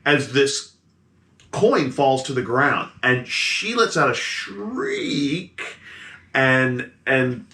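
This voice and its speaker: A man's voice: mid-range voice, wildly swooping pitch, very slow, pushed and bright. A man narrating as game master of a tabletop game, describing the action vividly and adding sound effects. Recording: echoey room.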